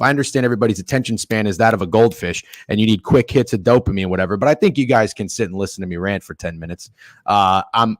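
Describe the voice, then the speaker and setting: Profane ranting man, low dry voice. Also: no room sound. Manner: profane, opinionated ranting with sudden loud outbursts. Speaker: sports betting stream host. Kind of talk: casual livestream rant and chat reading.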